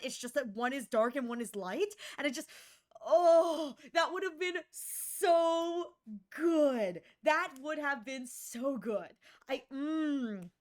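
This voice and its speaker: Young woman streamer, slightly high voice, loose rambling chat with lots of giggles and self-mockery. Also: a bit bright. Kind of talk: casual chat with viewers.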